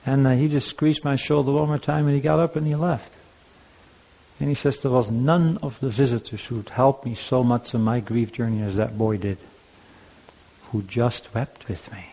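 A man's voice: mid-range voice, steady tone, moderate pace, creaky, dark tone. An older man preaching as a pastor, telling personal stories in a conversational, anecdotal way with frequent restarts. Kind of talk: sermon on grief and listening. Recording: dull lo-fi recording.

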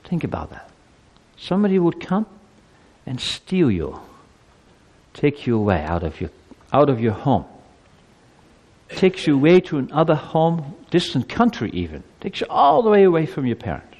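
A man's voice: fairly high pitch, wildly swooping pitch, moderate pace, long pauses, a little mellow, husky, big-room sound. A man giving a children's sermon, telling a story with animation and asking the children questions. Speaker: preacher.

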